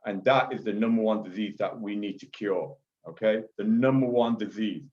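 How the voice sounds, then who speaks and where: A man's voice: lowish voice, moderate pace. A man of Chinese origin giving an emphatic lecture, repeating himself and checking in with frequent asides. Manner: forceful, repetitive, frequent "okay?" asides. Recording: dull lo-fi audio.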